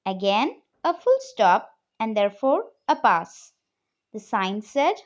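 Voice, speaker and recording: A woman teaching an English lesson to children, speaking deliberately and reading a story aloud. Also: on the high side, sing-song, lo-fi sound. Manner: slow, deliberate, addressing children.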